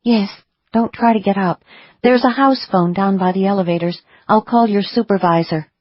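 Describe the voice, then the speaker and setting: A woman voicing a guarded young woman psychic who speaks quietly and earnestly. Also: mid-range voice, moderate pace, no room sound, lo-fi sound, close to an everyday voice. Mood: gentle.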